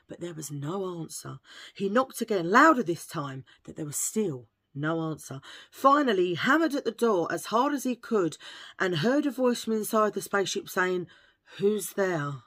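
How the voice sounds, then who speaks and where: Her medium-pitched voice has a fairly bright tone as she talks to the camera. She's a beauty vlogger in casual chat mode, rambling on with asides and telling cheesy jokes.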